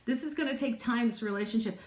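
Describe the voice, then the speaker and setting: A woman's voice: on the high side, fast talker. A woman psychic chatting casually on a live stream, answering viewers' questions in a rambling way with frequent laughs. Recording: roomy, echoey room sound.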